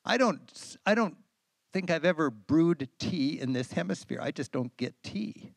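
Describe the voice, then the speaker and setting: Animated, gravelly-voiced American man storyteller. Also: fairly high pitch, a little slow, dry recording, studio quality. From United States. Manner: enthusiastic, animated storyteller with frequent fillers. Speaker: travel writer and guest speaker. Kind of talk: storytelling talk to an audience. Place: lecture event.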